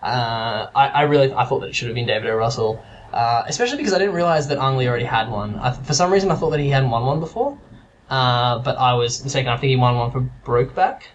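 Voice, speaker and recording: A man's voice: medium pitch, expressive, fast talker, muffled recording, a little hiss or hum. A man chatting casually about films, rambling with lots of fillers and restarts. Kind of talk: casual chat.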